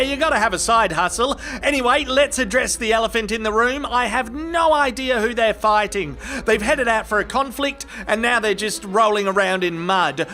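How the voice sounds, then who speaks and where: A man with an Australian accent giving scripted comic commentary on a video, deadpan with sudden incredulous outbursts. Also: very high voice.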